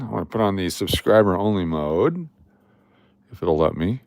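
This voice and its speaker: A man's voice: low-pitched, animated, normal speed, creaky, darkish tone, slight background noise. A middle-aged man from Las Vegas hosting a casual coin live stream, chatting and reading viewer comments aloud. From Las Vegas, Nevada. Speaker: livestream host running coin giveaways.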